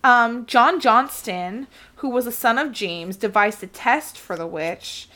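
A woman hosting a podcast, telling a story in a relaxed, chatty way with lots of fillers. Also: fairly high pitch, measured pace. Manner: relaxed, many fillers, laughs often. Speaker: podcast host. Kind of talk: casual storytelling chat.

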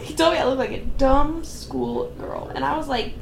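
A young woman co-hosting a casual podcast who laughs loudly and often and swears freely while chatting about a movie. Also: high voice. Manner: loud, giggly, swearing, quick bursts of laughter. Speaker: podcast co-host. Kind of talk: casual chat watching a movie. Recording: echoey room with faint hiss.

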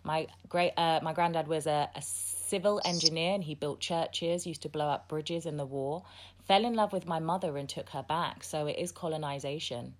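Low-voiced blunt woman podcast host. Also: normal speed. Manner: blunt and outspoken, swears freely. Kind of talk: casual conversation.

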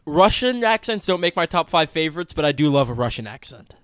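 Smooth-voiced, blunt man on a podcast. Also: a little high, big pitch swings, fairly bright tone, no echo. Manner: blunt, playful, quick to laugh. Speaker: podcast co-host. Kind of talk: casual chat.

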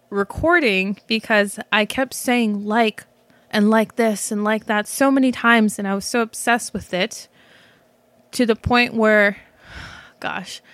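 On her own podcast, a woman talks into a microphone in a medium-pitched voice with no room sound. She rambles through casual, introspective commentary, full of fillers and restarts, and swears casually.

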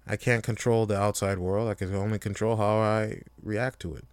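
A man's voice: lowish voice, steady tone, moderate pace, clean tone, no echo. A laid-back young man hosting a casual solo podcast, rambling freely with frequent swearing and laughs. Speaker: podcast host.

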